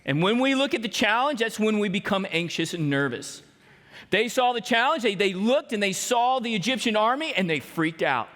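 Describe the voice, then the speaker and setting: A pastor with a notably high voice delivers a storytelling sermon, slipping into voices for the people he quotes. His words ring out with a long reverb that fills the church hall. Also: expressive, moderate pace, a bit bright. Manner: storytelling preacher who acts out quoted voices. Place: church sanctuary.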